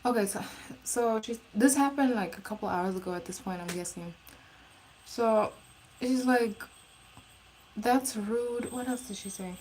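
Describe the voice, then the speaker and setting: A woman's voice: medium pitch, normal speed, darkish tone, a little hiss or hum, rough recording. A woman telling a storytime in a casual, blunt and profane way, rambling with restarts. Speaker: live streamer.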